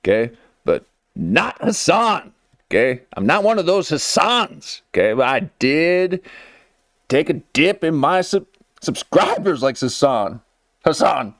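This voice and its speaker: A hyped man hosts in a mock streamer persona, pitching his voice up and down constantly and tagging his lines with "okay?". His voice sits on the higher side. The sound is close and dry. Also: very animated, a little slow, a bit bright, dry recording. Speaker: host of a comedy clip channel. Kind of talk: comedic streamer persona bit.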